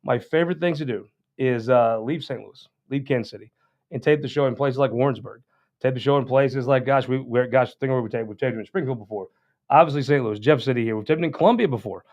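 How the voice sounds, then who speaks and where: A man's voice: mid-range voice, fast, darkish tone. A man hosting a political talk show, rambling in a folksy, casual monologue with frequent restarts. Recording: dull lo-fi sound.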